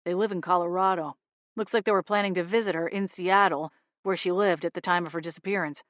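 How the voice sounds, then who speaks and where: A woman's voice: steady tone, fast talker, a bit bright, dry recording, clean studio sound, close to an everyday voice. A woman reading the part of an easygoing young man who works as an investigator and dislikes rules. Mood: businesslike. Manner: easygoing, gruff and low on the phone. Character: laid-back young man, a rule-dodging investigator.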